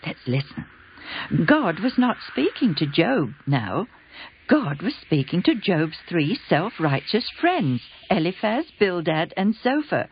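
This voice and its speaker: Slow, gentle Bible storyteller. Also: medium pitch, sing-song, slight background noise. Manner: gentle, conversational asides to listeners. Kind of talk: children's Bible storytelling narration. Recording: dull lo-fi recording with music.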